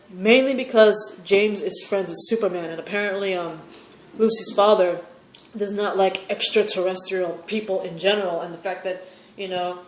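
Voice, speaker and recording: A woman's voice: medium pitch, echoey room. A woman giving a casual, opinionated recap of a TV episode, rambling with many fillers. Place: sitting in a chair at home.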